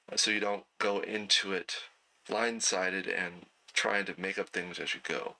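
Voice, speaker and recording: A man teaching an online night class in a relaxed, conversational way, with plenty of fillers and throat clearing. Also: on the low side, rough recording. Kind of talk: casual lecture.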